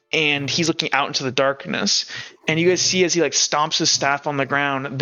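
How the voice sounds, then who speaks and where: Casual male game master, bright, slightly high voice, dull lo-fi mic with faint music behind. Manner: casual, many filler words. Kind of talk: narrating a tabletop game.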